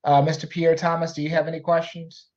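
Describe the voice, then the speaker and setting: A man serving as a judge, questioning a witness over a video call in a measured, stern way with frequent fillers. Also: a little high, monotone, darkish tone. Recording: lo-fi call audio.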